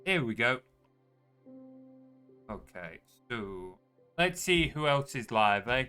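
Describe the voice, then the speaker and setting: A man's voice: medium pitch, sing-song, slow pace, bright, forceful tone, soft background music. A man hosting a live game stream, chatting casually, laughing often and greeting viewers. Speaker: streamer host.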